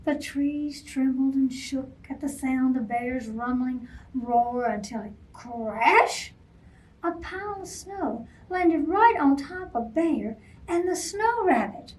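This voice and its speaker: Slow, high-voiced woman reading a story. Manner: gentle, expressive, asks the kids questions. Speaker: children's librarian storyteller. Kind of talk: bedtime picture-book read-aloud. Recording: voice from a distance off mic.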